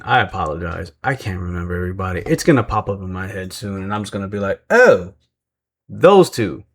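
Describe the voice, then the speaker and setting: Rambling, self-mocking man recapping wrestling. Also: on the low side. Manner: rambling, self-deprecating, mimics voices when retelling. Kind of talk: casual recap commentary.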